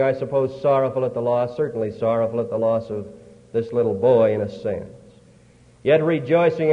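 Give me a man preaching in a slow, earnest storytelling sermon, heard as a tinny old recording. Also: medium pitch, in a large hall. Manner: slow, earnest retelling of scripture with dramatic pauses.

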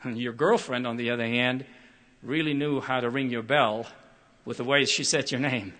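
This prepared public talk comes from an older man at medium pitch who stays measured and expressive, voicing the quotes in his stories.

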